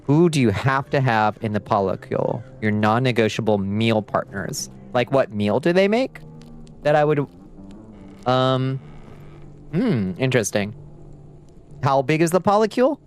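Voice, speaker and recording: A man chatting casually and swearing often while livestreaming a game, reacting loudly and talking to his chat. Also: mid-range voice, moderate pace, pauses often, faint music behind. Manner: profane, excitable, chatty with chat. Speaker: streamer.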